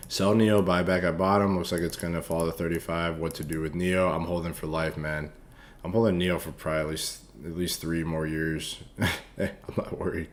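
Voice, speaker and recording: A man's voice: very deep voice, little pitch movement, moderate pace. A man casually reviewing stock charts for viewers, loose, profane and hyped up. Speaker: stock trading streamer.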